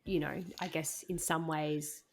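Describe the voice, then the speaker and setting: A woman's voice: deep voice, level tone, measured pace. A woman hosting a podcast interview, asking questions tentatively and thinking aloud. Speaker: podcast host.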